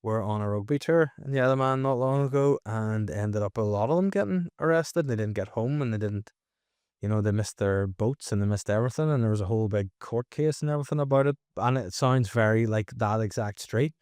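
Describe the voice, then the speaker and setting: A man's voice: lowish voice, a little fast, darkish tone, clean tone, no echo. Northern Irish man, podcast host, easygoing talker; dry close sound. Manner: chatty, chimes in with short prompts and asides. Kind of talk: casual chat.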